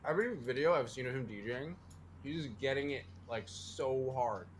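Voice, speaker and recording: A man's voice: mid-range voice, lively intonation, normal speed, slight background noise. A young man chatting playfully on a voice call with friends. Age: young adult. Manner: playful, laughs easily. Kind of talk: casual chat on a voice call.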